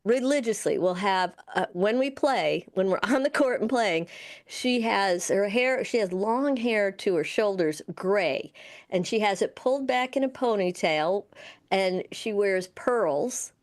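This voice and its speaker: A woman's voice: mid-range voice, lively intonation, unhurried. A woman co-hosting a local radio show, chatting casually and reading news excerpts aloud with lots of fillers. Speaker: radio co-host. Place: radio studio.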